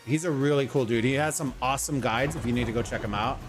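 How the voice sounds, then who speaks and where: A man's voice: mid-range voice, quick pace. A man hosting a casual gaming livestream, talking loosely, rambling and greeting viewers from chat, with faint music behind him. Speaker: livestream host. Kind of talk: casual gaming stream commentary.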